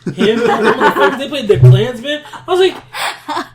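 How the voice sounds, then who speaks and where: A young adult man in a casual podcast chat, dropping in jokes and quick comments. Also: very high-pitched, animated, over a noisy crowd. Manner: joking interjections.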